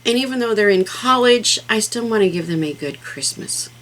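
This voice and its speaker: A woman's voice: medium pitch, animated, moderate pace, a bit bright, rough recording. A middle-aged woman hosting a casual craft vlog, talking in a rambling, heartfelt way with plenty of fillers. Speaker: craft channel host.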